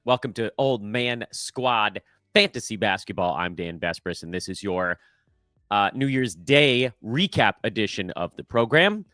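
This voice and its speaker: A man's voice: lowish voice, a bit bright, no room sound, clean studio sound. A middle-aged man hosting a casual sports podcast, talking in a wry, self-deprecating, chatty way with frequent fillers. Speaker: podcast host. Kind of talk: casual fantasy basketball podcast.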